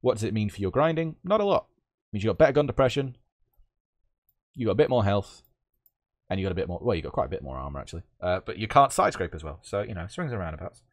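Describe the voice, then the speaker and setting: Guy ranting sarcastically through patch notes, swears a lot, lively pitch. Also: fast talker, no room sound. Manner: sarcastic, swears freely, rambles with self-corrections. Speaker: gaming video host. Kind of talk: casual sarcastic game commentary.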